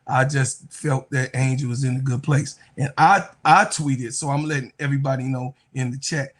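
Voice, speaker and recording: A man's voice: medium pitch, fairly even intonation, moderate pace, fairly bright tone. A man co-hosting a casual sports talk show, blunt and profane, often restarting his words. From Chicago. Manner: blunt, profane, talks over himself. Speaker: co-host.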